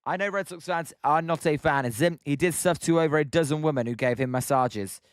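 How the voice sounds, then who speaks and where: A man's voice: fairly high pitch, a little fast, clean tone, no room sound, clean studio sound. A young British man hosting a live stream, calling play-by-play and chatting with viewers by name. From Britain. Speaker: live stream host calling a baseball game. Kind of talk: live play-by-play commentary while reading chat.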